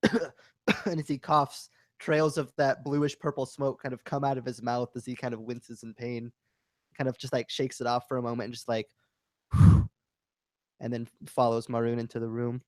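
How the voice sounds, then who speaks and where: A man's voice: medium pitch, little pitch movement, a little fast, a little mellow, no room sound. A man speaks as a player in a tabletop game, his voice dry and close with no room around it. He describes his character's actions at length and wanders through filler words.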